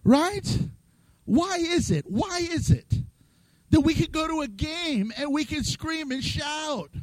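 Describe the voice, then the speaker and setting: A man's voice: very high voice, animated, slow pace, no echo, poor audio. A man preaching a sermon in a playful way, acting out voices and laughing often. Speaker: pastor.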